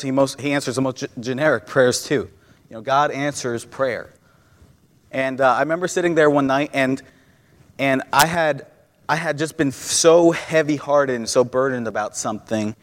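A young man preaching a sermon in a church, earnest, often restarting and repeating words as he tells a personal story. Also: medium pitch. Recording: long reverb of a church hall.

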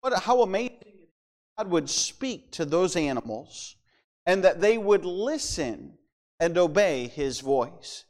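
A man's voice: high-pitched, lively intonation, slow pace, darkish tone. A man preaching a sermon in a folksy, conversational way, with humorous asides to the congregation. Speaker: pastor.

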